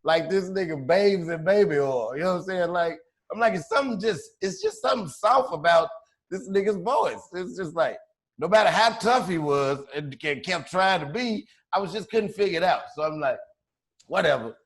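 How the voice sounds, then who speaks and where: A man casually telling a long story on a podcast, profane and animated, acting out the other people's voices as he goes. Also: high voice, moderate pace. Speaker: podcast co-host.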